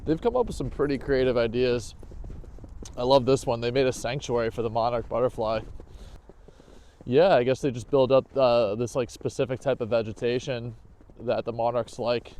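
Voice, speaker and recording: A man's voice: mid-range voice, normal speed, a little mellow. A man, chatting casually to his dog and viewers as he records a walking vlog outdoors on an action camera. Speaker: vlogger hiking with his dog. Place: outdoors in a snowy park.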